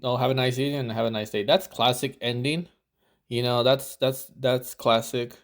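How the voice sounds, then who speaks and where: A man talking over a video as a dating coach, loose and rambling, with plenty of swearing. He keeps slipping into the lines he would say himself. His pitch sits in an ordinary middle range. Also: little pitch movement, normal speed. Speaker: dating coach reviewing footage. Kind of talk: casual reaction commentary.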